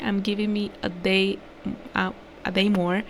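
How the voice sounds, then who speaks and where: A young woman whose first language is Spanish wraps up a vlog in a loose, rambling way. She keeps correcting herself and sometimes drops to a whisper. Her voice has a gravelly fry, and there is a faint hiss of noise behind her. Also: medium pitch, measured pace. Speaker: vlogger. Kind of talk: casual rambling vlog outro.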